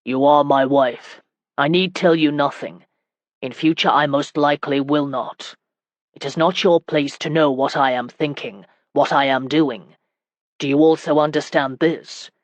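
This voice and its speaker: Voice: mid-range voice, fairly even intonation, a little slow, dry recording, close to an everyday voice. A narrator reading a stern medieval lord. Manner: firm, clipped orders. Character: stern medieval knight lord, commanding and proud. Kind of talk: audiobook character reading.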